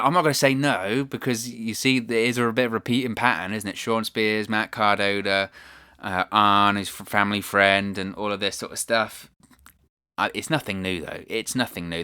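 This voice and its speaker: A man hosting a wrestling news show, giving animated, incredulous opinion commentary. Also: lowish voice, no echo, clean studio sound.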